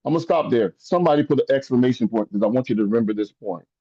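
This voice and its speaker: A man's voice: mid-range voice, expressive, racing, dark tone, breathy edge, no room sound, lo-fi sound. A man giving an impassioned, preacher-like motivational speech to an online summit audience. He speaks to listeners directly and builds to intense climaxes.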